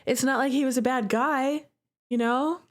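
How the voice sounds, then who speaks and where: A woman's voice: high voice, fairly even intonation, moderate pace. A woman streamer reading a visual novel aloud and reacting in a chatty, emotional way. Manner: emotional, chatty, indignant on the character's behalf. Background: faint guitar music.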